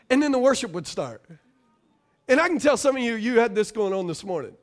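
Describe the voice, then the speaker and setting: A middle-aged man preaching a sermon as pastor, calling out to the congregation and swinging between loud and quiet. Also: very high-pitched, sing-song, a little fast.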